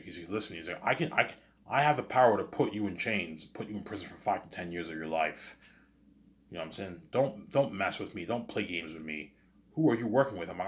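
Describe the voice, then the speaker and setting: A man with a fairly low voice tells a story off the cuff and plays every part himself. He keeps circling back with "you know what I'm saying" and repeats words while he thinks. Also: fairly bright tone, a little hiss or hum. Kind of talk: rambling spoken storytelling.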